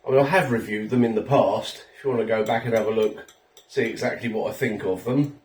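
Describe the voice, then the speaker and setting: A man's voice: on the low side, fairly even intonation, a little fast, a little mellow, echoey room, recorded from a distance. A man reviewing a ready meal at home, chatty and self-mocking, a little tipsy after a few drinks. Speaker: food reviewer. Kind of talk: casual food review vlog. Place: home kitchen.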